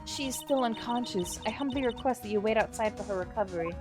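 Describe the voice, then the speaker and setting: A woman voicing a calm, formal older nun in a slow, hushed manner, reading video game lines. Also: fairly high pitch, over music, natural voice. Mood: solemn. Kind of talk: playing a game's dialogue aloud.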